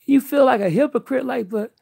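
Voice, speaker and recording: A woman's voice: high-pitched, brisk, gravelly, mellow, husky, no echo. An older woman talking candidly to her viewers in an earnest, emphatic, outspoken way. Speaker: vlogger.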